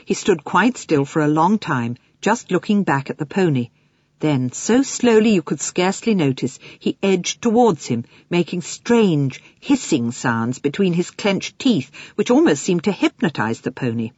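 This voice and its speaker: A woman narrating an audiobook for children in an expressive storytelling manner. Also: on the low side, unhurried, husky, no echo, dull audio. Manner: expressive storytelling with lively swings.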